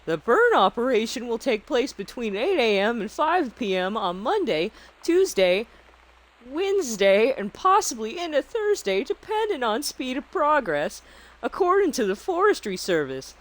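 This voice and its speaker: A man with a Canadian accent putting on a higher-pitched newsreader voice. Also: very animated, moderate pace, a bit bright, full character voice. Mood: chirpy. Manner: exaggerated, chirpy newsreader delivery. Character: flirty high-voiced man reading the local news. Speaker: game streamer.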